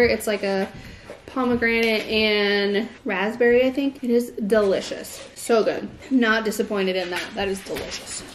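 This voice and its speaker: A woman's voice: fairly high pitch, background noise. A young pregnant woman chatting casually to a handheld camera as she runs errands and relaxes at home, full of "like" fillers. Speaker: vlogger. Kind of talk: casual vlog chat.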